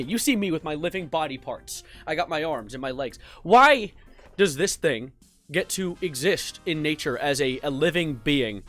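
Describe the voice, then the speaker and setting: A young man talks to his desk mic at home, rambling about whatever is on his mind. His voice sits slightly high and he jumps from thought to thought with silly, self-mocking asides. Soft music plays faintly underneath. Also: expressive, normal speed. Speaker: vlogger. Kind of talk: casual rambling vlog. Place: home room with a cat.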